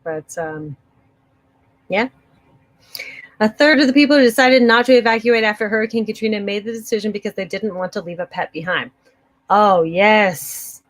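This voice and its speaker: A woman's voice: mid-range voice, normal speed, pauses often. A woman hosting a preparedness channel, chatting casually and upbeat as she answers viewer comments, giggling often.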